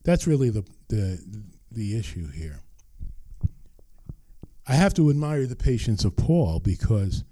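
A man's voice: lowish voice, big pitch swings, a little slow, dark tone, dry recording. An older man preaching a sermon as pastor, earnest and emphatic, repeating his key phrases.

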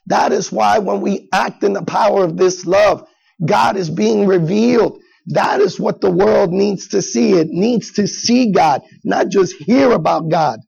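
A man's voice: high-pitched, measured pace, vocal fry, a little mellow, breathy edge, lo-fi sound. A middle-aged man preaching a sermon as pastor, in a conversational style with acted asides.

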